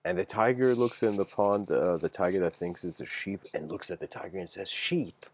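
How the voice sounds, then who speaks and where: A man's voice: sits low, a little fast, darkish tone. A man giving a casual livestreamed lecture, rambling and using many "like" fillers as he tells stories. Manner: rambling, heavy use of "like" fillers.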